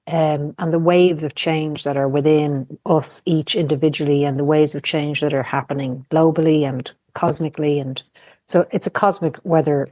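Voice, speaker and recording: A woman speaking as a podcast guest in casual chat, candid and searching for words, pausing and restarting. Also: sits low, darkish tone, no echo, highs cut off.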